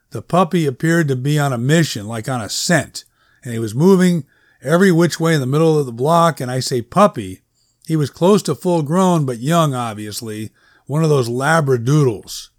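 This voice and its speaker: A man's voice: fairly high pitch, animated, moderate pace, close to an everyday voice. A man voicing an anxious, earnest woman who is a worried schoolteacher, in a story reading. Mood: earnest, fretful.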